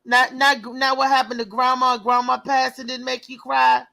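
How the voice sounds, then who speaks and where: A woman hosting a casual talk show, lively and prone to repeating words as she starts a thought. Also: sits high, moderate pace, poor audio. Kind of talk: casual call-in chat.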